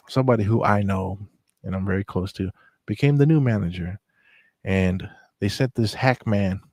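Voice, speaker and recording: A man with a low, gravelly voice tells stories from his own life in a relaxed, meandering way. He often trails into fillers and restarts his sentences. The sound is dry and close, with no room around it. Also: no echo. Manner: laid-back and rambling, with many fillers and restarts. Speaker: storyteller recounting memories. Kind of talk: casual spoken storytelling.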